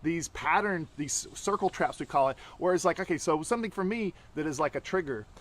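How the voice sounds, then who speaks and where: Lively high-voiced man teaching. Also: brisk. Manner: animated, acts out quoted lines. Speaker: tantra teacher. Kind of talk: casual teaching chat.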